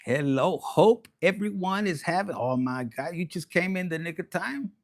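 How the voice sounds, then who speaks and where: A man giving a casual livestream tarot reading, profane and animated, dropping into Spanish slang. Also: high voice, normal speed. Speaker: tarot reader.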